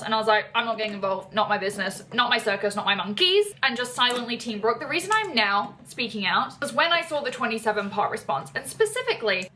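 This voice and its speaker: A young woman casually telling a personal story, animated and jumping higher when she quotes people. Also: slight background noise. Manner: animated, jumps up in pitch when quoting people. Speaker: podcast storyteller.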